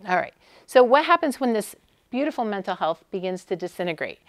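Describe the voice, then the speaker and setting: This conference lecture comes from a sports medicine doctor, a middle-aged American woman whose talk is warm, chatty and sprinkled with "um"s. She speaks at a medium pitch in a sing-song way, slightly fast, with no room sound at all.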